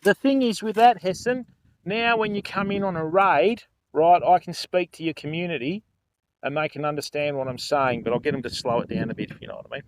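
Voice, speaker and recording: A man's voice: a little high, fairly quick, a little hiss or hum. An older man hosting a fishing livestream, chatting casually and joking with viewers. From Australia. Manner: chatty, jokey, laughs often, addresses chat by name.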